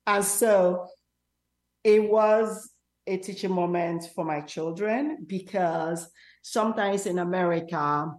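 A middle-aged Nigerian woman, Igbo her first language, telling stories in an interview with thoughtful pauses. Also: lowish voice. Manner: thoughtful, storytelling with hesitations. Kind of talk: casual interview.

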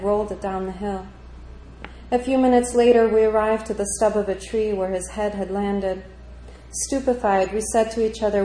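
Calm woman reading a story in an echoey room. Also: medium pitch, slight background noise. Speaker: narrator. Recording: echoey room with faint ambience.

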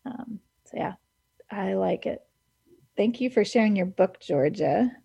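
A woman's voice: mid-range voice, lively intonation, a little slow, creaky, mellow, husky. A woman hosting a radio show, chatting casually and enthusiastically about books and laughing easily. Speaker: radio host. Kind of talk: casual book chat on radio.

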